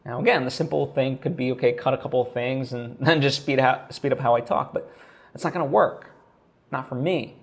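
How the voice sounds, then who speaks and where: Guy vlogging, gravelly voice, talks in loops with lots of "you know" and "right". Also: mid-range voice, brisk. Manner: rambling, thinks aloud with many fillers and restarts. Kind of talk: casual vlog monologue.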